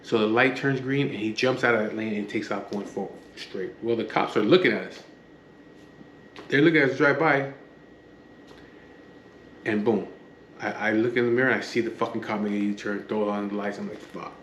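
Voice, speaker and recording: A man's voice: lowish voice, normal speed, pauses often, a bit bright, slight background noise. Blunt, profane man. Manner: blunt and profane, acts out the dialogue. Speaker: storyteller recounting his past. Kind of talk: casual spoken storytelling. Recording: roomy with faint background ambience.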